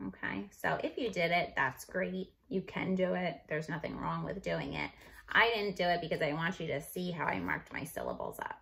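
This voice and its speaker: A woman teacher walking young students through spelling and marking up words, sounding out each syllable and letter slowly and clearly. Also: lowish voice, very animated, fairly bright tone. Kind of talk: recorded phonics review lesson. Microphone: computer microphone.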